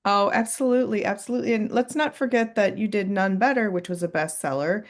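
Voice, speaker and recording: A woman's voice: medium pitch, quick pace. A woman hosting a podcast, encouraging her guest and chatting casually about books. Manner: encouraging, affirming listener. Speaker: podcast host. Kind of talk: casual chat.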